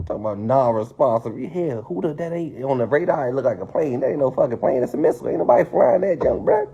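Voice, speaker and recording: A man ranting casually and profanely to his viewers, spinning a conspiracy with animated, swearing delivery. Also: on the high side, fast talker, gravelly, hardly any pauses, slight background noise. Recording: dull lo-fi stream audio.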